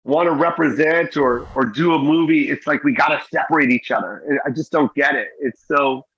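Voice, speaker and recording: An earnest middle-aged man, a guest comedian and actor, talks in an interview with a slightly high, slightly bright, husky voice at a somewhat fast pace. He keeps repeating "you know what I mean," and the audio is muffled.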